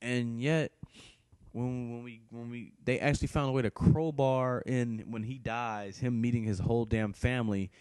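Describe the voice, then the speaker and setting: A man's voice: medium pitch, fairly even intonation, normal speed, a little mellow, clear, resonant tone, no room sound. Profane, rambling man reviewing a film. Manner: profane, blunt, rambling with many restarts. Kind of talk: casual spoken movie review.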